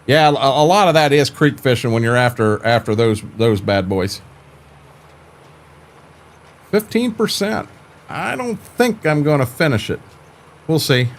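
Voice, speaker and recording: A man's voice: medium pitch, sing-song, normal speed, a little hiss or hum. An older man chatting casually on a live stream about farming games, laid-back and folksy, often stumbling and repeating words.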